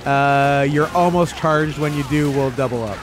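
A man's voice: a little high, normal speed, noisy background. A man playing a co-op game in casual chat, joking, swearing and cheering his partner on. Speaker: co-op gaming partner.

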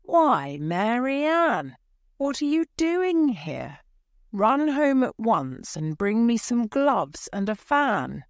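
A fretful, fussy male white rabbit from a storybook, put on by a woman, squeaking high and flustered. He frets and gives orders in a tight, dry recording with no room sound. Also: sing-song, slow, dry recording, full character voice.

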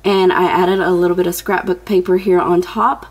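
Young woman vlogger, slightly breathless, low-ish voice, chatty and filler-heavy. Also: little pitch movement, normal speed, breathy edge. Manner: chatty, many ums, addresses viewers as you guys. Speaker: home organization vlogger. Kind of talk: casual tutorial narration.

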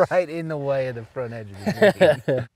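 Teasing young man, lively voice. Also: mid-range voice, normal speed. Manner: teasing, loud celebratory outbursts. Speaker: golf video co-host. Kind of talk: casual banter on the golf course. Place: outdoor golf course.

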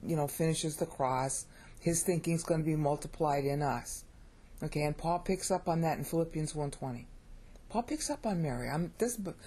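A middle-aged American woman teaching Bible Greek in a casual video lesson. She is chatty and animated, jumps up in pitch when excited, keeps checking in with her listeners and jokes about her own pronunciation. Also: breathy edge.

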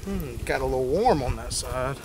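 Excitable folksy man with a lively pitch. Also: moderate pace, noisy background. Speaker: fishing vlogger, host. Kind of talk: casual outdoor cooking vlog talk. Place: outdoors near a pier.

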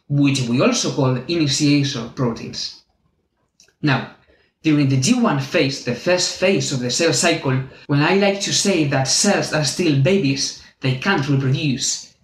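A man with a Spanish accent giving a clear, methodical university biology lesson as the channel's teacher. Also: on the high side. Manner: clear, methodical, friendly explaining. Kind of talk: university lecture explaining with drawings. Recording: echoey room.

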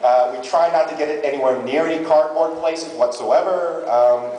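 A man doing live comic storytelling as a stand-up comedian in a large convention hall, with an animated delivery. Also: fairly high pitch, normal speed. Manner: animated, jumps into character voices. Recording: echoey hall from far off.

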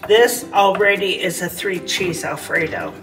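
A woman chats her way through a home cooking demo at a leisurely pace, goofy and talkative with the viewers. Her voice bounces around a roomy kitchen. Background music plays clearly beneath her. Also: lowish voice, animated, unhurried. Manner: playful, self-described silly, chatty asides to viewers. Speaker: cooking vlogger. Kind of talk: casual cooking demonstration. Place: cabin kitchen.

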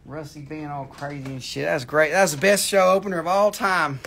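A man's voice: on the high side, normal speed, gravelly, a bit bright, breathy edge. Goofy drawling Appalachian man. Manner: goofy, joking, drawling with slang. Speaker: livestream host selling crystals. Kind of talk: casual live sales stream.

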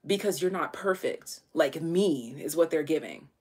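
A woman's voice: low voice, expressive, moderate pace, darkish tone, slightly rough. A woman giving a casual, chatty tarot reading to her viewers, full of slang and fillers. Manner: chatty, slangy, thinks aloud with many fillers. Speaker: tarot reader.

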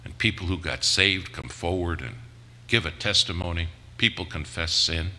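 A man's voice: deep voice, normal speed, bright, forceful tone. A man voicing a bold, teasing older churchwoman who speaks bluntly and fervently in a drawl. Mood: matter-of-fact.

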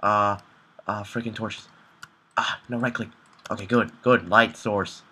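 A man's voice: fairly low pitch, fairly even intonation, a little slow, pushed and bright, slight background noise. Panicky young man muttering over a game. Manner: panicky, repeats words in frantic bursts. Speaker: gameplay commentator. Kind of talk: live gameplay commentary.

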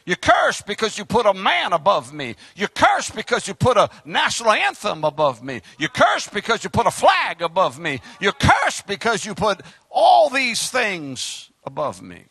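A male Southern US preacher with a high, bright, strongly swinging voice. He shouts some lines and drops into quiet asides, and the sound is dry and close. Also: huge pitch swings, normal speed, creaky, few pauses, breathy edge, no room sound. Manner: preaching with loud outbursts and sudden quiet asides. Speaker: pastor. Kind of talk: fiery sermon. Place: church sanctuary.

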